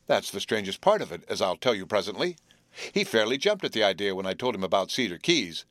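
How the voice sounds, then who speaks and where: A man's voice: lowish voice, very animated, fast talker, a bit bright, dry recording. A man voicing an earnest teenage boy who leads his friends and explains the trip plans, in a dry storybook reading. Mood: explaining. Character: eager teenage boy, trip leader, steady.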